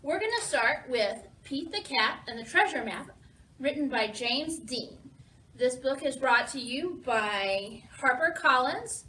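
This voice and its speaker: Heard through a distant mic with a little hiss or hum, this rough recording features a high-pitched, unhurried woman. She plays a pirate while reading a picture book to children, animatedly asking them questions.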